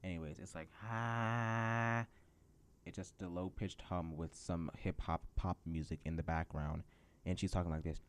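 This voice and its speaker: A teenage guy hosts his own podcast with a low-pitched voice. He rants in a sarcastic, excitable way and often jumps up in pitch for emphasis. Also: brisk. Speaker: podcast host. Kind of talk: solo rant podcast.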